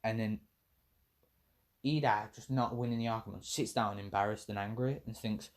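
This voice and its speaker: A man's voice: mid-range voice, moderate pace, a little mellow. A man casually telling a fan story, rambling, correcting himself and swearing freely.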